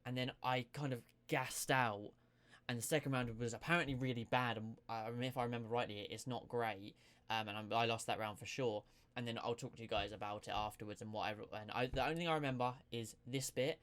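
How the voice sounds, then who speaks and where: A young man reacting to footage of his own boxing match, giving animated, self-critical play-by-play. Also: mid-range voice, quick pace. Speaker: boxing video creator. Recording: noticeable background noise.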